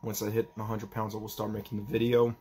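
A young man talking in a personal vlog, halting and emotional as he tries not to cry, with a faint hiss behind him. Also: lowish voice, monotone, warm tone. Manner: halting, emotional, restarts often. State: holding back tears. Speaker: vlogger.

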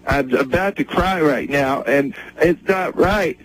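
A man's voice: a little high, slow, slight background noise, poor audio. A man playing an indignant angry wife. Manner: indignant, accusing. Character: angry offended wife calling in.

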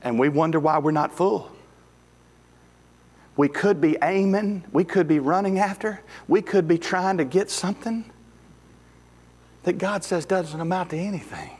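A man, preaching a sermon as pastor in a folksy, emphatic way. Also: high voice. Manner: folksy, emphatic, rising to shouts at climaxes. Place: church sanctuary. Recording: echoey hall with faint music.

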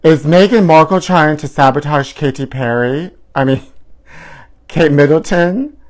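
A man's voice: a little high, unhurried. A man hosting a live gossip show, flamboyant and sing-song, calling his viewers honey. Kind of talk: campy live-stream gossip chat.

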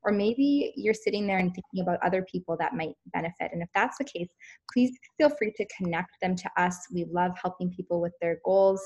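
A woman's voice: on the low side, brisk, a little mellow, muffled recording. Earnest woman hosting a wellness talk. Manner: earnest, lots of fillers and restarts. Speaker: host.

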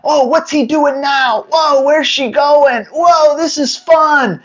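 A man voicing the thoughts of a playful, eager young puppy, wide-eyed and excited. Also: extremely high pitch, slow pace, dull audio, pitched above the performer's own voice.

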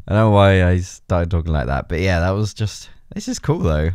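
Excitable low-voiced young gaming guy. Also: fairly quick, hardly any pauses, smooth, dry recording, clean studio sound. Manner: excitable, laughs a lot, swears freely. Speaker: gaming YouTuber. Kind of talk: gameplay commentary.

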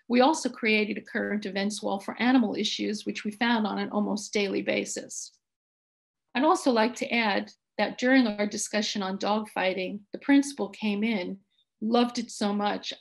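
Creaky-voiced woman teacher speaking steadily. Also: mid-range voice. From United States. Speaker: high school teacher. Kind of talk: panel talk on teaching.

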